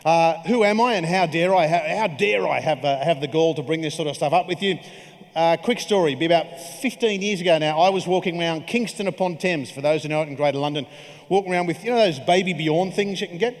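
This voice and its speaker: A man's voice: a little high, fast talker. A man in his forties giving a keynote speech, telling stories in a jokey, conversational way. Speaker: keynote speaker. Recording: reverberant hall.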